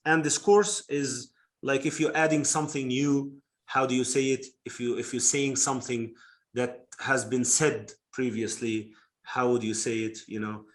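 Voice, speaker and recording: A male phonetics teacher explaining slowly to a class, with many fillers and repeated words. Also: medium pitch, fairly even intonation. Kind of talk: live online class teaching.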